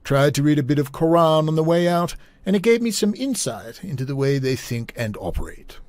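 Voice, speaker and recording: A man's voice: expressive, fairly quick, darkish tone, no room sound, close to an everyday voice. A man putting on a clumsy posh British voice as a stuffy older royal reading out his own letter. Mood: pompous. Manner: plummy, self-mocking, raised pitch.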